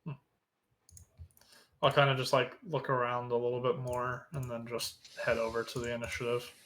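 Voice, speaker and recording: A man's voice: mid-range voice, monotone, normal speed, a bit bright, slight background noise. A man playing a tabletop game, describing his character's actions in a casual, hesitant way. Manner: casual, hesitant, laughs often. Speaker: player.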